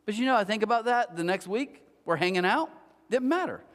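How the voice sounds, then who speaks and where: A man's voice: high voice, expressive, fairly quick, fairly bright tone. A middle-aged man, a pastor, giving a chatty sermon full of stories and self-mocking humor, talking straight to his listeners. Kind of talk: conversational sermon. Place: church auditorium. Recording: long church-hall reverb.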